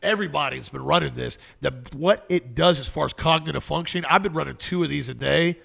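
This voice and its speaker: A man's voice: a little high, fast, vocal fry, fairly bright tone. A young man co-hosting a health talk show. He chats casually, agrees with his co-host and reads health tips aloud.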